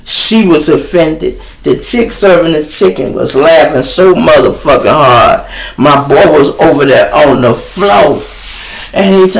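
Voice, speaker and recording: A middle-aged man with a Chicago accent, hosting his show and telling a profane, animated story in a casual way. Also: fairly high pitch, measured pace, gravelly. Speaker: show host. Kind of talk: storytelling on a livestream.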